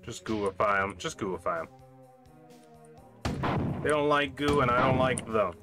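A man gives running commentary while he plays a shooter, his voice sitting at an ordinary middle pitch. He jokes and mutters to himself as the action unfolds. Clear game music plays behind his voice. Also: lively intonation, measured pace. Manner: playful, jokey, talking to himself while playing. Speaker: gaming channel host. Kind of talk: let's play commentary.

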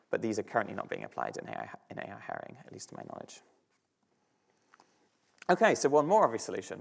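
A man's voice: fairly low pitch, creaky. A man with a British accent giving an academic talk on slides, thinking aloud with frequent fillers and restarts. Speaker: student speaker.

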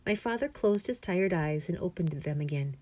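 A woman's voice: on the low side, animated, normal speed, mellow. Woman reading a children's novel aloud. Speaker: audiobook narrator. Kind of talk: storybook narration.

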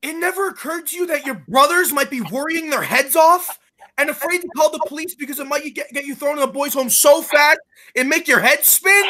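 A woman's voice: high voice, brisk, a little hiss or hum. A woman playing a furious, scolding older brother. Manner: scolding, yelling. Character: angry, protective older brother, young man. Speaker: student actor. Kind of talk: amateur stage play reading.

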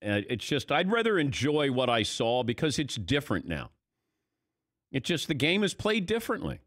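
A male sports talk host riffs casually in a mid-pitched voice that swoops up for emphasis. He restarts sentences often and talks with lively movement. The sound is close and dry. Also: moderate pace, dry recording.

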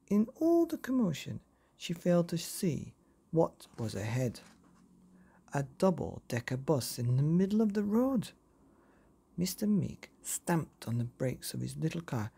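A man hosting a bedtime story podcast, reading a children's chapter gently and playfully, with sound effects. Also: fairly high pitch, creaky, breathy edge.

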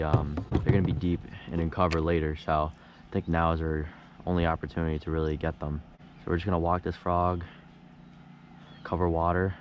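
A young man on a kayak, fishing and chatting casually to his viewers, easily excitable and quick to groan over his mistakes. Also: low-pitched, highs cut off. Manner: excitable, swings from quiet musing to loud frustrated outbursts. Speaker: fishing vlogger. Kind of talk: casual running commentary. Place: on a kayak on a lake, outdoors. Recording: outdoor camera audio with steady background noise.

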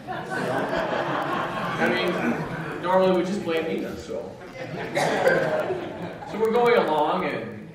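A man telling a personal story to an audience in a lively, joking way, acting out what he and others said. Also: medium pitch, noisy background. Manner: animated, jokey, quotes himself and others. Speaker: speaker sharing a personal story. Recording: echoey room, mic at a distance.

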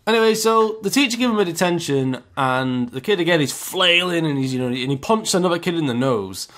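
A man's voice: fairly high pitch, expressive, fairly quick, fairly bright tone. Chatty young man telling a story. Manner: rambling, chatty, many fillers. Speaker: YouTuber. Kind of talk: casual storytelling.

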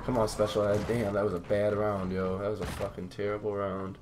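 A man's voice: fairly low pitch, level tone, brisk, noisy background. A young man giving live commentary over his own gameplay, talking to viewers, swearing, and getting hyped at his teammates. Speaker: gaming YouTuber.

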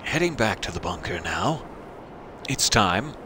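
Low-voiced man rambling over gameplay. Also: very animated, a little slow, background noise. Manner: rambling, self-deprecating asides. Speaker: gameplay commentator. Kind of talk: casual let's-play commentary.

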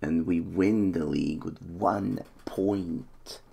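A man with a very deep, gravelly voice talks through a football management game as he plays. He speaks slowly, muttering nervously to himself, then bursts out cheering. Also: dark tone. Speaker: gaming YouTuber. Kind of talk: live game commentary.

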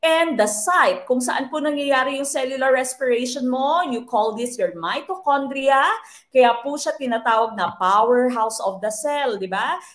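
Lively Filipino woman teaching a review class. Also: high voice, normal speed. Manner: switches between English and Tagalog, polite with "po", lively and expressive. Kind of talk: live online review class.

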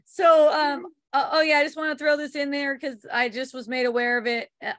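A woman's voice: high voice, steady tone, a little fast, hardly any pauses, a bit bright. A woman giving an online spiritual talk, rambling loosely, laughing often, swearing casually and reading viewer comments aloud.

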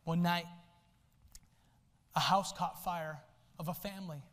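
A male pastor preaching a sermon, swinging from soft low asides to loud shouted lines. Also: steady tone, a little slow. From United States. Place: church sanctuary. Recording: long hall reverb in a church.

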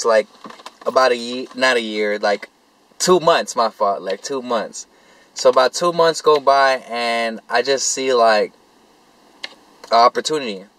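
A man's voice: mid-range voice, poor audio. Young man telling a rambling street story. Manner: rambling, profane street slang, animated. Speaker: vlogger. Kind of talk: casual storytelling to camera.

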